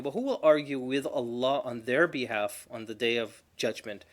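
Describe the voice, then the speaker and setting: Man teaching a lively Quran class. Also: mid-range voice. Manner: animated storytelling, acting out quoted spouses; recites Arabic verses quickly.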